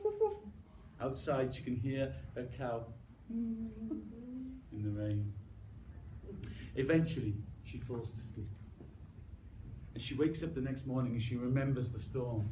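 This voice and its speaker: A man's voice: medium pitch, moderate pace, long pauses, darkish tone, a little hiss or hum. A man telling a traditional story live, coaxing his listeners to join in and adding sound effects. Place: room with live audience. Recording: roomy, distant mic.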